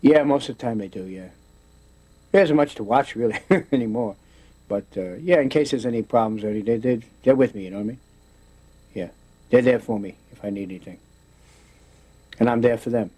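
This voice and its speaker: Chatty guy rambling through his stories, lots of restarts, mid pitch. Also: a little fast, pauses often, dark tone, slightly rough. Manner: rambling, with many restarts and put-on voices. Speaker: interviewee. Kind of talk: casual storytelling interview.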